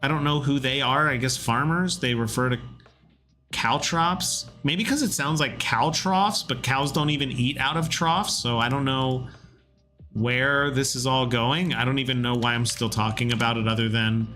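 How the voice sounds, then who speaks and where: A man in his thirties streaming a game devlog, rambling casually with lots of fillers and getting animated when he quotes people. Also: medium pitch, normal speed, soft background music. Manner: rambling, self-deprecating, with many fillers. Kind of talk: casual livestream chat.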